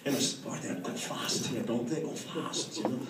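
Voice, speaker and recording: A man's voice: mid-range voice, brisk, recorded from a distance, noisy background. A man posing as a guest lecturer, teasing audience members by name in roast-style comic talk at a company event. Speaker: impostor speaker at a company event. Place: large function room with laughing crowd. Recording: roomy hall recorded from afar, loud crowd.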